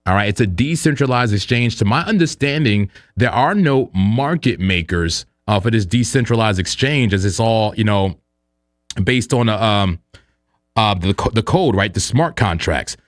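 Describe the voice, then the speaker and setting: Brief: male streamer host, lowish voice, dry close sound, loose and jokey delivery. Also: normal speed, dry recording. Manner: animated and joking, with frequent fillers and laughs. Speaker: host of a crypto trading livestream. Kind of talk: casual live-stream chat.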